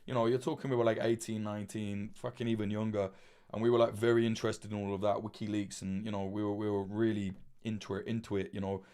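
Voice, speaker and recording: A man's voice: lowish voice, little pitch movement, fast, dark tone, smooth. Rambling, swearing man. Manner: rambling, swears freely, many fillers and restarts. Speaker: livestream host. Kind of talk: casual livestream chat.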